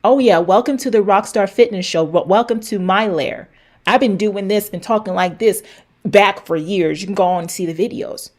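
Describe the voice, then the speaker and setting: A woman's voice: mid-range voice, moderate pace. Woman, middle-aged, fitness show host, blunt, preachy, swears for emphasis, repeats lines for punch. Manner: talks straight to viewers, repeats lines for punch. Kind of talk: direct-to-camera advice rant.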